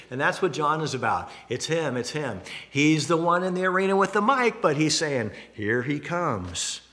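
A middle-aged male pastor preaching a sermon, telling stories with humorous asides. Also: medium pitch. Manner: animated storytelling with humorous asides.

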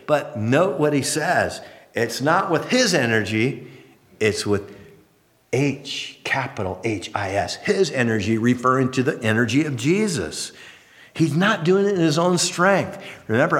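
A man preaching a sermon as pastor, telling stories with lively acted-out voices. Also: medium pitch, normal speed. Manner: animated storytelling, acting out voices. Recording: long hall reverb.

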